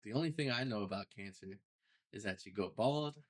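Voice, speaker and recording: Animated low-voiced man telling his story. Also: a little fast. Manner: animated storyteller, casual slang. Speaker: podcast guest. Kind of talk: storytelling interview.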